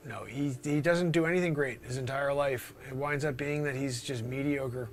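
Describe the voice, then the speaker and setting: A man hosts an improvised comedy livestream, answering chat questions with animated energy, leaping into high voices and dropping to whispers. He keeps a moderate pace with few pauses.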